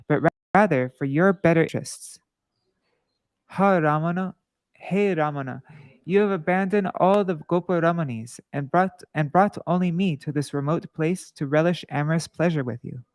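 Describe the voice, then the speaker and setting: A man's voice: on the high side, no room sound. Earnest man reading scripture aloud, dry. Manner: measured, earnest reading aloud with small restarts. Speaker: scripture class reader.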